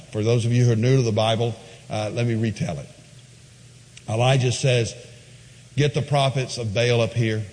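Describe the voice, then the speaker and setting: A man preaching a sermon, retelling a scripture story with lively swings between quiet asides and high, excited quoted voices. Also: long reverb tail, rough recording. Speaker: pastor.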